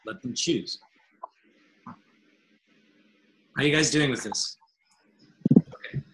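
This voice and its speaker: A man's voice: medium pitch, takes it slowly, a little hiss or hum, rough recording. A man leading a webinar as a coach, talking casually and acting out dialogues with clients. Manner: animated, acts out client dialogue, laughs often. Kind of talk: casual teaching talk.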